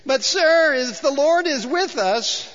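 A timid young man whines and pleads in a high, thin, sickening voice, put on by a male preacher. The sound is muffled and rings out in a large hall with long reverb. He begs to be let off. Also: animated, slow pace, fairly bright tone, full character voice. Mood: whining.

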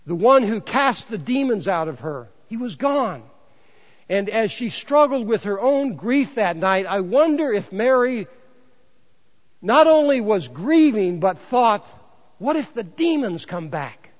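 A man preaching a sermon as pastor, telling the story and moving between hushed and emphatic delivery. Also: high voice. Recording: dull sound in a large hall with long reverb.

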